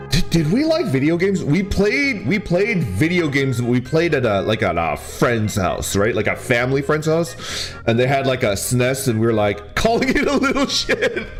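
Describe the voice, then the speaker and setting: Lively laughing male streamer. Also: medium pitch. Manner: animated, laughs often while talking; full of fillers like "like" and "right?". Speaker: VTuber streamer. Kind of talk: casual chat, telling a childhood story.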